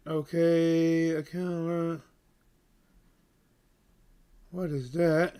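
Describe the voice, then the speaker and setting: A man hosting a casual live stream about sports, talking to his chat in an animated, repetitive way and hyping up his viewers. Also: fairly high pitch, moderate pace. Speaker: livestream sports host.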